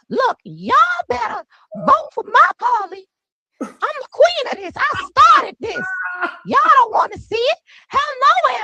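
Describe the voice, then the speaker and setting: A woman doing an impression of a bossy older congresswoman who calls herself the queen, boasting in loud, drawn-out proclamations. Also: very high voice, no echo, pitched above the performer's own voice, heavily acted.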